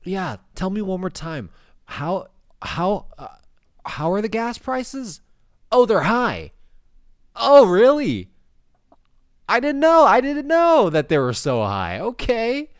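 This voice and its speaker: Brief: man putting on a high, sarcastic, fake-innocent male voice, dry close sound. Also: wildly swooping pitch, takes it slowly, pauses often, clean tone, dry recording, heavily acted. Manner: mock-naive, sarcastic. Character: sarcastic man feigning ignorance.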